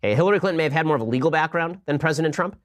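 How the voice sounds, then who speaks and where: Fast-talking guy doing political commentary, sarcastic, kinda high voice. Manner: sarcastic, rapid-fire argument. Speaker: podcast host.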